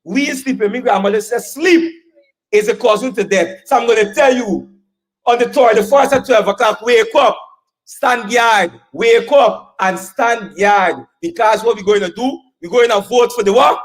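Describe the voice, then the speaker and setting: A man with a Guyanese accent works a crowd at an outdoor political meeting. His voice sits high, and he keeps asking the crowd questions to draw them in. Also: moderate pace, poor audio. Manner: fiery, rousing the crowd with call and response. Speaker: political rally speaker. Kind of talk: campaign rally speech.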